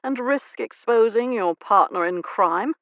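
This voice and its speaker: A man's voice: sits high, lively intonation, unhurried, dry recording, narrow, tinny audio, pitched above the performer's own voice. A woman voicing an arrogant, predatory Regency earl who speaks in a snide drawl.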